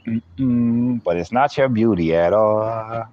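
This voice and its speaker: Slow, low-voiced man joking on a stream. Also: highs cut off. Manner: playful, teasing, laughs often. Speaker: live streamer. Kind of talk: joking live-stream chat.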